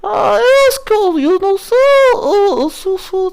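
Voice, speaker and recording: A man putting on a very high voice for a young male cartoon rocker, halting and slow. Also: lively intonation, vocal fry, a little mellow, full character voice. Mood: rambling.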